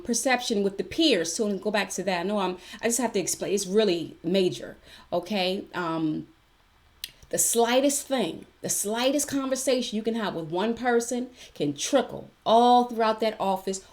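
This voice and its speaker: A woman's voice: medium pitch, darkish tone. A woman talking straight to camera with workplace advice. She is chatty and emphatic, repeats herself for stress, and keeps checking in with the listener. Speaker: vlogger giving workplace advice. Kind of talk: casual talk-to-camera advice.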